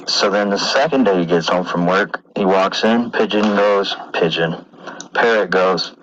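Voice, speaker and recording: Loud deep-voiced man telling a joke. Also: normal speed, highs cut off, slight background noise. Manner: loud, punchy joke delivery. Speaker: caller.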